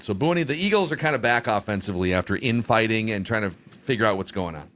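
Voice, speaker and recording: A man hosting a football podcast, setting up topics in a brisk, conversational way. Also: lowish voice, expressive, a bit bright. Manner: brisk, conversational host patter. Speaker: podcast host. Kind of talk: casual sports talk.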